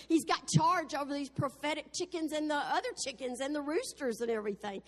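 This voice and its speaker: An exuberant woman preacher delivers a sermon, breaking into exclamations of praise between storytelling lines. Her voice sits high. A long hall reverb trails behind it. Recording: echoey hall.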